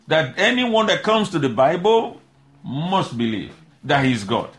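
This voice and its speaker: Slow, emphatic male preacher. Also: on the high side, very animated. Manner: slow emphatic scripture reading, rising on key phrases. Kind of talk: sermon.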